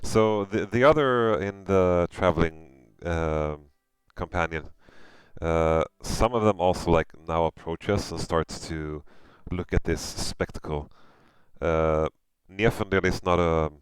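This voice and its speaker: Swedish game master, low crisp voice, halting narration. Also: male voice, no echo. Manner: hesitant, many fillers and restarts.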